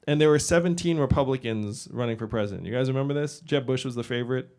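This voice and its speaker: A man in his forties delivers a campaign speech to a live audience. He talks in a loose, conversational way, with quick asides and a medium pitch. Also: darkish tone. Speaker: political candidate speaking to a crowd. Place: event venue with a live audience.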